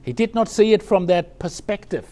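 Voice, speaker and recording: A man's voice: high-pitched, expressive, normal speed, dark tone. A man, a Zen teacher giving a conversational dharma talk on a koan, with frequent restarts and fillers.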